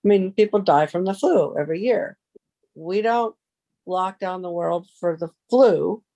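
A woman's voice: fairly low pitch, a little slow, dark tone. Plainspoken mother on a phone call. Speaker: host's mother. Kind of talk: phone conversation.

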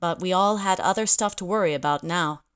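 A young woman narrates her own story, wry and quick to poke fun at herself. Her voice sits a little low. The delivery is plain, first-person storytelling. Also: fairly bright tone, clear, resonant tone. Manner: wry, self-deprecating. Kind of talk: audiobook narration.

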